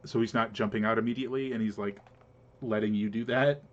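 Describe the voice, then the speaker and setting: A man narrating a tabletop game as game master, relaxed and hesitant with many fillers. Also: lowish voice, fast talker. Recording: dull lo-fi mic.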